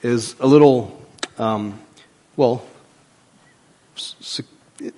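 A man, a pastor giving a folksy, emphatic sermon in church and swinging between loud and soft. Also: mid-range voice, takes it slowly. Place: church sanctuary.

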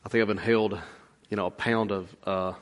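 A man's voice: fairly low pitch, steady tone, brisk. A man giving a rambling, folksy sermon full of stories and fillers. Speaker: pastor. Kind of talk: conversational sermon.

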